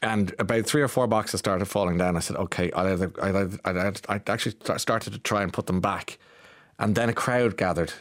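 Irish male radio host, lower voice, self-mocking, rambling storyteller. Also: fairly quick, fairly bright tone. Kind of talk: chatty morning radio talk.

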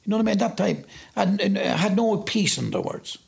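Middle-aged Irish man, very gravelly and husky voice, vivid storyteller who plays out the quotes. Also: high voice, sing-song, brisk. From Ireland. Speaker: interviewee. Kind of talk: personal testimony.

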